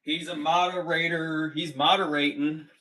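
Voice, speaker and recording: A man's voice: on the high side, little pitch movement, normal speed, bright, forceful tone. An American man hosting a casual livestream, reading chat messages aloud in an upbeat way. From United States. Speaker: livestream host.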